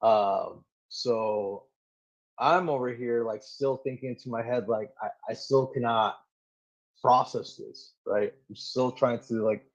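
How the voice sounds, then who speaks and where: Marine guest, man in his 30s, mid-pitched, lively storyteller, full of "like"s, slightly muffled lo-fi sound. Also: slow. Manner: animated, filler-heavy storytelling with many "like"s. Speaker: Marine gunnery sergeant guest. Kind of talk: casual storytelling in an interview. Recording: slightly dull lo-fi audio.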